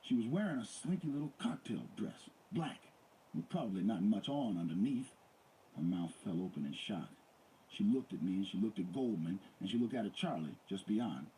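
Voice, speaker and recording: Man, very deep voice, lively intonation, dark tone, dramatic audiobook reading. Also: normal speed, slight background noise, rough recording. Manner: dramatic, intense. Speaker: audiobook reader. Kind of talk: first-person audiobook reading.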